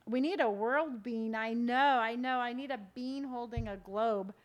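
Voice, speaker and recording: A woman's voice: on the high side, a little slow. A woman from Southern California streaming a game live, chatting upbeat and reading out viewers' comments.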